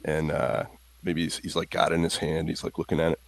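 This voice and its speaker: A man's voice: very deep voice, little pitch movement, fairly quick, creaky, dry recording. A man playing a tabletop game, loosely describing his character's actions. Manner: loose, rambling scene description. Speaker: player.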